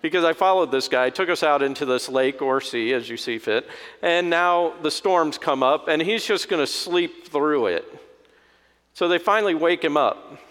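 A man's voice: fairly high pitch, normal speed, a bit bright. A man preaching a conversational sermon as a pastor, folksy and humorous, acting out voices in his story. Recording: long hall reverb.

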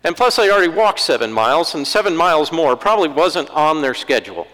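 A man's voice: on the high side, very animated, quick pace, a bit bright, big-room sound, poor audio. A man preaching a conversational sermon in a church, with wry asides and acted-out quotes.

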